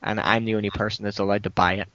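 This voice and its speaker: A man's voice: lowish voice, level tone, rapid-fire, a bit bright. A man co-hosting a casual podcast, chiming in with cheeky jokes. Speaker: podcast co-host. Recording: dull lo-fi podcast audio.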